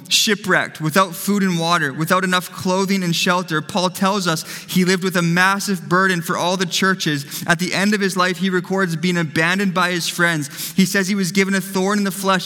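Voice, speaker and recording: A man delivers an emphatic sermon in a high, bright voice. He hammers points home by repeating phrases. The sound carries a long reverb from a large church hall. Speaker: pastor.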